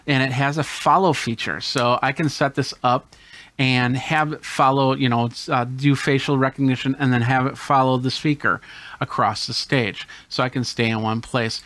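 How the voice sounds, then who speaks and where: Male tech host, mid-pitched, casual hands-on gadget walkthrough, dry close sound. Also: fairly bright tone, dry recording. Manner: explains hands-on while demonstrating gadgets. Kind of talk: casual gear demo.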